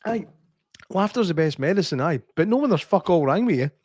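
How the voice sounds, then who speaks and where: A man's voice: high-pitched, expressive, a little fast, a little mellow, dry recording. A Scottish man co-hosting a podcast, teasing his friend in a dry way. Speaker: podcast co-host. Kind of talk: casual chat.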